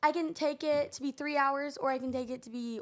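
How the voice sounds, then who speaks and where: A young woman co-hosting a podcast in bubbly casual chat, her voice hoarse. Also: sits high, steady tone, fairly quick. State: hoarse from cheer camp. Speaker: podcast co-host.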